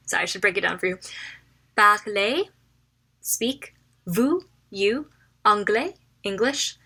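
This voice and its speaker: Bright-voiced woman teaching phrases. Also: mid-range voice, animated. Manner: chatty and informal, repeats phrases slowly for learners. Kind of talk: casual language lesson.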